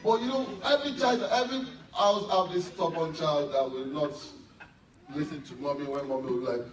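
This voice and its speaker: A man's voice: fairly high pitch, normal speed, recorded from a distance. A man with a Nigerian accent performing a stand-up comedy set, animatedly telling stories and acting out his mother. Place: event hall with a live audience. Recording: echoey hall recorded from afar, crowd and noise. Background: audience laughter.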